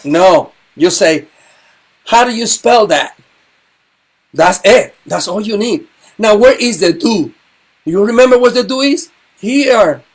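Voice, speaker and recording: A middle-aged man teaching a sign language lesson, halting, with frequent ums and repeated words. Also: high-pitched, expressive.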